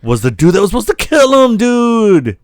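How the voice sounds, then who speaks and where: A man co-hosting a podcast, retelling a TV episode in a casual, animated way and acting out the characters' lines with plenty of swearing. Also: sits high, normal speed, no echo, clean studio sound. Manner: animated retelling, acts out quotes, swears a lot. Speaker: podcast co-host. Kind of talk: casual chat recapping a TV episode.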